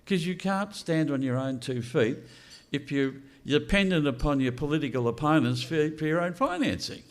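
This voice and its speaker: With a voice on the high side and plenty of animation, this older speaker at a political launch moves at a moderate pace. His unscripted address is blunt and peppered with rhetorical questions.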